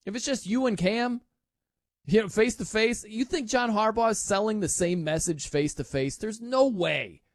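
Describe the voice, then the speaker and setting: Brief: male sports radio host, high voice, dry studio sound, chatty and animated. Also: normal speed, no echo. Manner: chatty, animated, laughs often. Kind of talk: casual sports talk radio.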